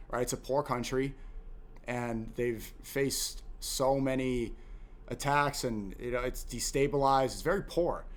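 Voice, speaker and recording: A man hosting a live stream, talking animatedly and pushing his point hard. His pitch sits mid-range for a man, and he trips over repeated words when he gets going. He often talks over the other speaker. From Haitian family. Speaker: streamer and host. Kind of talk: casual live-stream debate.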